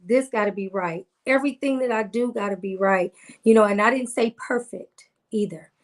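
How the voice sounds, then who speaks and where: A woman's voice: mid-range voice, moderate pace. A woman guest in a casual faith conversation, earnest and preacherly, repeating lines for emphasis.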